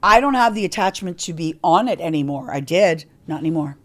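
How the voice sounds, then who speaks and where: A woman's voice: on the low side, expressive, brisk. A middle-aged woman from Canada, a podcast guest telling candid stories in a chatty way and swearing freely. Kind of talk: candid interview storytelling.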